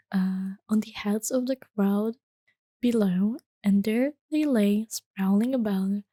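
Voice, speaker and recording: Soft spoken asmr lady reading a story, hushed, some whispers, dry close sound. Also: mid-range voice, no echo. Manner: gentle, hushed, slipping into whispers.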